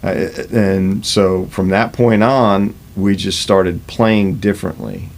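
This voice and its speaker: Male rock musician in his fifties, slightly low voice, candid and profane, a natural storyteller. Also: fairly even intonation, takes it slowly, creaky. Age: 50s. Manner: swears freely, acts out quoted exchanges. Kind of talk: casual storytelling interview.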